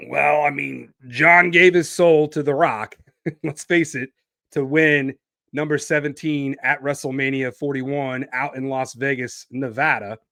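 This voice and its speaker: A man's voice: mid-range voice, steady tone, unhurried, vocal fry, pushed and bright, no echo, clean studio sound. A man hosting a solo wrestling podcast, talking animatedly and stretching out names for emphasis. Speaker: podcast host.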